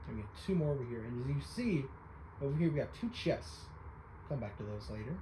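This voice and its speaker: A man's voice: mid-range voice, expressive, a little fast, noisy background. A man giving casual, offhand let's-play commentary over a game, talking loosely with frequent fillers. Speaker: game streamer.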